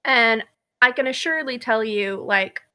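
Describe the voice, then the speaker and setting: Bright-voiced chatty young woman. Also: fairly high pitch, normal speed. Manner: chatty and candid, laughs easily. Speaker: podcast co-host. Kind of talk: casual chat.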